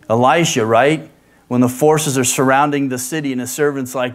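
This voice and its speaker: A male pastor delivering a sermon in an animated, rhetorical way, often tossing in "right?" asides. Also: mid-range voice, a little fast.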